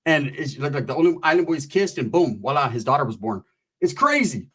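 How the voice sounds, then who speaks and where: Husky man telling a profane story. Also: a little high, a little fast. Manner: profane, animated, acts out quoted voices. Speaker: comedian storyteller. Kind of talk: stand-up storytelling.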